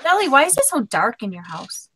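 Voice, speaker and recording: Lively high-pitched chatty woman. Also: a little hiss or hum. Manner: chatty, teasing, quick to laugh along. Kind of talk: casual chat.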